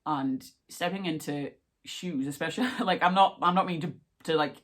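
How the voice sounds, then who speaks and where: Low-voiced, chatty woman vlogger. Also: normal speed. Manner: chatty and excitable, filler-heavy. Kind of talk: casual reaction vlog.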